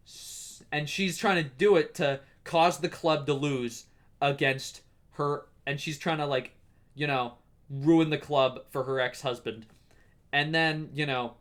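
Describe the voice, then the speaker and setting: A young man in his twenties hosting a casual solo podcast, gushing excitably and swearing as he talks. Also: a little high. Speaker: podcast host.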